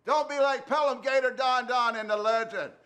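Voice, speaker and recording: A man hosts sports talk radio with a high, bright, piercing voice. He hollers and hams it up, running loud comic bits. The delivery is theatrical and boisterous. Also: normal speed.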